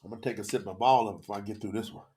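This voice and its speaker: A man's voice: lowish voice, fairly even intonation, racing, darkish tone. A man teaching scripture on a livestream, talking straight to the viewers in the chat, emotional and close to tears.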